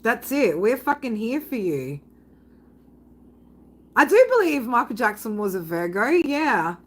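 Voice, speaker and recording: Her voice runs on the high side with big pitch swings and a measured pace, captured with poor audio. She's hosting a live tarot reading stream, chatting casually, swearing constantly, asking "right?" a lot, and laughing loudly when she reads comments from chat.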